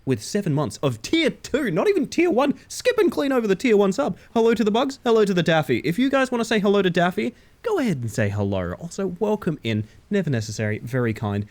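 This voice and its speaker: A man streaming a game live, chatting casually with his viewers in a playful, animated way and swearing freely. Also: high voice, fast, few pauses. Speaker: livestreamer. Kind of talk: casual chat while gaming live.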